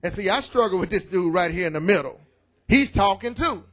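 A middle-aged man preaching a loud, excited sermon in church, calling out to the congregation. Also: high voice, brisk. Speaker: pastor. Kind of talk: energetic sermon.

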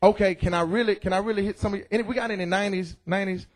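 A middle-aged man preaching a loud, excited sermon in church, calling out to the congregation. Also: high-pitched, rapid-fire. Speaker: pastor. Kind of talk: energetic sermon.

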